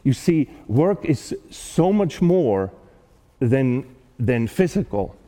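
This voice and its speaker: A man giving a talk, telling a personal story in an earnest, animated way with frequent restarts. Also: mid-range voice, slow, in a large hall. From not American-born.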